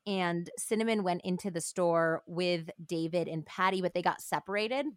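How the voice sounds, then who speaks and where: A woman's voice: on the low side, moderate pace, clean tone, no echo, studio quality. A woman hosting a true crime podcast, earnestly telling the story and reading passages aloud from a book. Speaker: podcast host.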